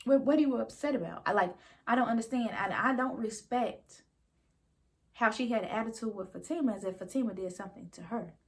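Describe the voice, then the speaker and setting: Woman, TV recap host, opinionated, animated, acts out characters' lines, slightly high voice. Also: a little fast. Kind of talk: casual TV recap commentary.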